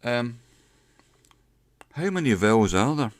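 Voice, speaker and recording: A middle-aged man giving a casual pronunciation lesson, explaining step by step and slowing down to demonstrate sounds. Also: low voice, dry recording, studio quality. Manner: unhurried, explains step by step with slowed demonstration words. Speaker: English pronunciation teacher.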